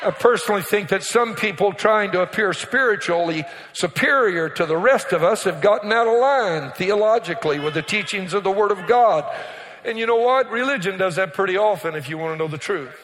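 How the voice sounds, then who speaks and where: High-voiced guy preaching to his church, long hall echo, keeps telling folks to turn to their neighbor, gets loud on the big points. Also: expressive, brisk. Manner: preaching with call-and-response asides to the congregation; rises to emphatic, near-shouted peaks. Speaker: pastor. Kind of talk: sermon. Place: church sanctuary.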